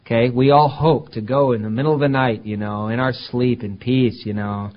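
A man preaching a conversational sermon as pastor, talking plainly and then climbing to emphatic, louder peaks. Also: medium pitch, steady tone, normal speed, highs cut off.

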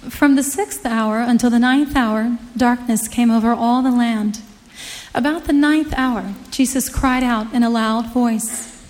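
A woman with a somewhat high voice reads scripture aloud in a steady, measured delivery. Her voice rings with the long reverb of a church sanctuary. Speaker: scripture reader. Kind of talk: scripture reading.

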